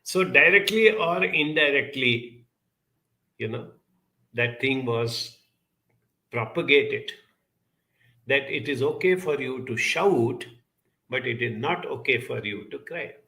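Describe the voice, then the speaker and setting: A middle-aged man talks earnestly to his listeners, with a bright, forceful voice. He tells his story and draws a lesson from it. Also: mid-range voice, lively intonation, takes it slowly, long pauses. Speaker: speaker. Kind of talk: reflective talk with a personal story.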